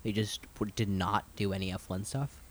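A man's voice: on the low side, fairly even intonation, normal speed. A man co-hosting a casual chat, musing aloud and teasing his partner. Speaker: podcast co-host. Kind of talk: casual chat about motor racing.

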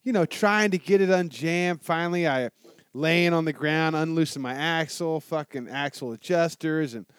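A man telling a motorcycle story in casual chat, animated and swearing a lot. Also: on the high side, moderate pace, clear, resonant tone, no echo. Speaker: guest telling a travel story.

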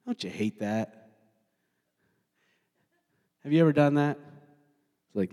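A male pastor preaching a sermon, talking in an animated way and putting questions to his congregation. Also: lowish voice, a little slow, long pauses. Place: church sanctuary. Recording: long hall reverb.

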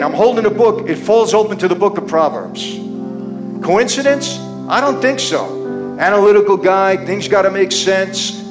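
Speak as a man with a high voice giving a heartfelt testimony from a stage. Talk straight to the crowd, call them "people," and hold your pauses for weight, with music playing softly underneath. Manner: addresses the audience directly as "people", with dramatic pauses. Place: stage before an audience.

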